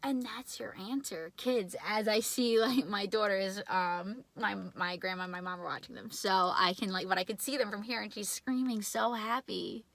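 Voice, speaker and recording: A young adult woman giving a casual tarot reading indoors, excitable and chatty, shaky and nervous. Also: medium pitch, moderate pace, hardly any pauses. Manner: excitable, chatty, many filler words. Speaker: tarot reader.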